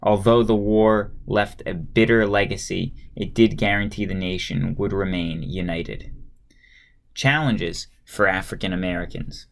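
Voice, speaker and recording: A man with a fairly low voice reads a history textbook aloud in a plain, steady way. He breaks off now and then for a relaxed aside to the listener, and he sometimes trips over a word and starts it again. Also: a little slow, gravelly. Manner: plain steady read-aloud, occasional stumbles and restarts.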